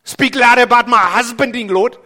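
A man acting out a desperate believer who loudly pleads for God to speak up. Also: extremely high pitch, a little fast, voice pushed up, heavily acted. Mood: pleading. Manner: loud, pleading.

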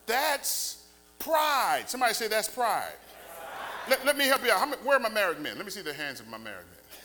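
A middle-aged man, a pastor, preaching a sermon in a church with lively, colloquial delivery that climbs to near-shouts. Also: high voice, a little fast, poor audio. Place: church sanctuary. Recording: faint mains hum.

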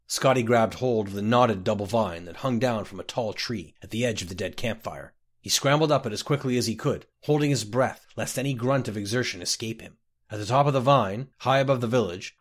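A man narrating a fantasy story aloud in a measured, expressive way. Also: mid-range voice. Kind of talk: audiobook narration.

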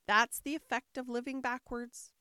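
The helpless, flustered White Queen from a storybook, as a woman reader puts her on, sighing in a melancholy way. Her voice sits high and lifts higher on complaints. It is recorded dry and close, with no room sound. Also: flat delivery, normal speed, pushed and bright, clear, resonant tone, no echo. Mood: matter-of-fact.

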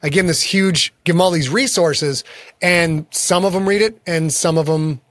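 A man's voice: a little high, moderate pace, no room sound, clean studio sound. A man, a guest author in a casual interview, telling frank and self-deprecating stories about his work.

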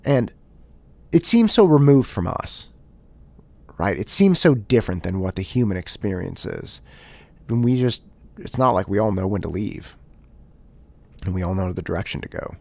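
A man in his thirties hosting a casual solo podcast, telling a story in an animated way with many restarts. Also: fairly low pitch, moderate pace, vocal fry, long pauses. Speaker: podcast host.

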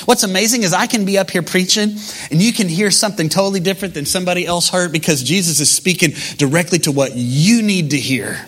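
Bright, high-voiced male preacher. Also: fast. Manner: conversational, animated storytelling. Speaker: pastor. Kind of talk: sermon.

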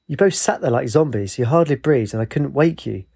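A man's voice: medium pitch, lively intonation, brisk, vocal fry, darkish tone, breathy edge. A man voicing a skeptical, dry young man in a storybook.

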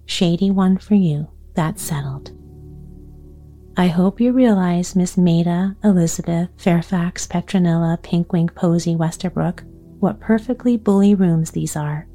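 A woman's voice: on the low side, a little slow, mellow, faint music behind, close to an everyday voice. A woman reading aloud, giving the lines of a cheerful, teasing young man. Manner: playful, cheery.

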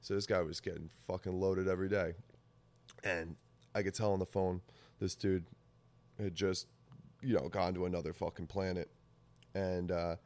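A man's voice: low voice, steady tone, moderate pace, pauses often. A man hosting a podcast, telling a rambling, profane story in casual talk and laughing often. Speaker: podcast host.

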